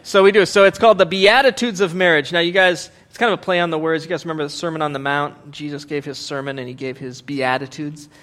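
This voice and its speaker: A man's voice: a little high, fast, hardly any pauses. A man in his forties preaching a humorous sermon in church, joking and acting out quotes. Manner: joking, animated, acts out quotes. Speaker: pastor.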